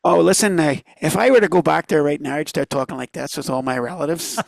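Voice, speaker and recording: Gravelly, chatty Canadian man. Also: a little high, fast, dry recording. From Northern Ireland. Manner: chatty, laughs easily, tells anecdotes. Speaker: guest drummer. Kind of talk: interview storytelling.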